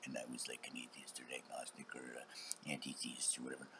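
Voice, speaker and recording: A man rambling on in a monologue, acting out other people's voices and swinging between loud outbursts and whispers. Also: a bass voice, completely flat delivery, fairly quick, noisy background. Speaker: channel host.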